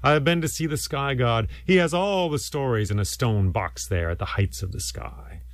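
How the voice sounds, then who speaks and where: A man's voice: medium pitch, lively intonation, moderate pace, no room sound, close to an everyday voice. A man doing a sly, coaxing trickster. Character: clever, wheedling trickster spider-man.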